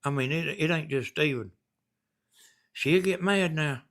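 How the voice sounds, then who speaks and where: A man's voice: a little high, a little slow, fairly bright tone. A man with a Southern US accent hosting a casual live stream, reading viewer messages and rambling in a folksy way.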